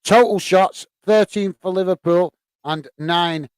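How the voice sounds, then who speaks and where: Reading comments aloud on a casual live stream, a British man hosts a football watch-along, laughing often, dropping lots of "uh" fillers, and calling viewers "mate". His voice sits high and a little slow, darkish yet clear and resonant, with no room sound.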